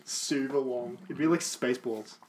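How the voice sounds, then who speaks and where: A man's voice: medium pitch, moderate pace, darkish tone, a little hiss or hum. A young man chatting casually and rambling with lots of fillers while watching a film. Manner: laughing, rambling, many fillers.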